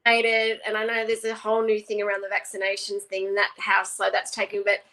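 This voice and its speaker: A woman's voice: mid-range voice, little pitch movement, fast talker, noisy background. A woman hosting interviews, talking animatedly and acting out the people she quotes. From Australia. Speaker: interviewer host. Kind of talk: casual conversation.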